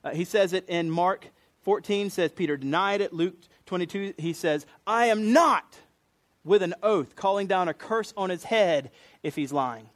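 A man with a Southern US accent preaches in an easy, conversational way. His voice sits high for a man, and he slips into voices for the quotes he tells. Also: moderate pace. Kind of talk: sermon.

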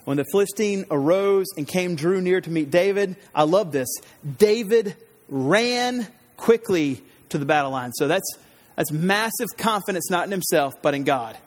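A male pastor preaching an expository sermon, energetic and casual, retelling scripture dramatically with slang. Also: high-pitched, normal speed, big-room sound.

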